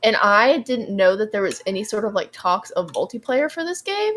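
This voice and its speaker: A woman's voice: medium pitch, sing-song, moderate pace, fairly bright tone. Rambling young woman, casual podcast chat. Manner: rambling, heavy on ums and likes. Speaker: podcast co-host.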